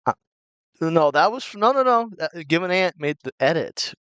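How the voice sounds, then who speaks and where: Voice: mid-range voice, sing-song, normal speed, a bit bright, clean tone, dry recording, lo-fi sound. A speaker in a casual podcast, recounting a chat incident and quoting messages.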